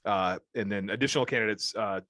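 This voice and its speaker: A man's voice: fairly low pitch, fast, fairly bright tone, dry recording. Man hosting with hesitant asides. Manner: hesitant, lots of fillers and asides. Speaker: podcast host. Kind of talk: casual political chat.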